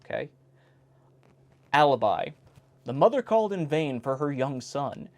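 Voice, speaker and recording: Man, fairly high voice with a bouncy, lively delivery. He reads aloud casually and drops wry asides between jokes. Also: measured pace. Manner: wry, breaks off to comment on each joke. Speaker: host reading an old joke book. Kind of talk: casual reading aloud with commentary. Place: indoor home recording in South Carolina.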